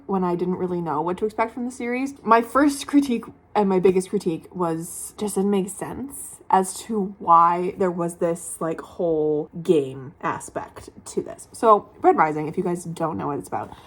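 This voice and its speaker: A young woman chats to camera at home about a book series, ranting and rambling with plenty of filler words. Her voice has a breathy, slightly raspy edge. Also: mid-range voice. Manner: chatty, ranting, frequent "like" fillers. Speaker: book vlogger. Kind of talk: casual chat. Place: room at home, at night.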